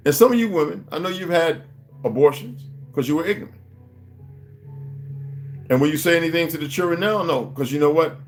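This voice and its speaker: A man's voice: a little high, brisk, long pauses, soft background music. A man hosting a livestream, talking casually to his viewers in a rambling, preachy and profane way. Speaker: livestream host.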